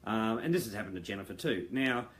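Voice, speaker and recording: A man's voice: lowish voice, expressive, quick pace, a bit bright, a little hiss or hum. Rambling earnest man. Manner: rambling, earnest, many fillers and restarts. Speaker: founder addressing members. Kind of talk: casual monologue to viewers. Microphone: video call mic.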